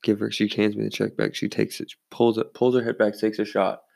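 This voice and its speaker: A young man tells bar stories in a loose, rambling way, swearing freely and slipping into the voices of the people he quotes. His voice is low and gravelly. The sound is dry and close. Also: completely flat delivery, brisk, a little mellow, no room sound. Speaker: bartender. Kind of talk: casual storytelling.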